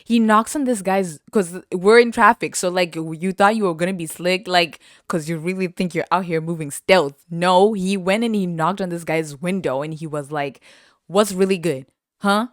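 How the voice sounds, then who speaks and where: A young woman from western Canada, hosting a podcast and telling a story in an animated way, laughing often and acting out what people said. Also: fairly low pitch, normal speed, few pauses, no room sound, clean studio sound. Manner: animated, laughs often, heavy use of "like", acts out quotes. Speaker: podcast host. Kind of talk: casual storytelling.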